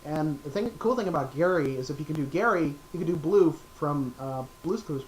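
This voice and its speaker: A man's voice: on the high side, expressive, brisk, poor audio. A man casually chatting to camera between voice impressions, rambling with lots of fillers. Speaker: vlogger doing impressions.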